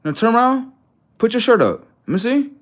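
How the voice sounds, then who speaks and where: A man's voice: extremely high pitch, very animated, fairly quick, pitched above the performer's own voice. A man voicing a suspicious neighborhood man who grills a stranger with demanding questions. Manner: demanding, interrogating.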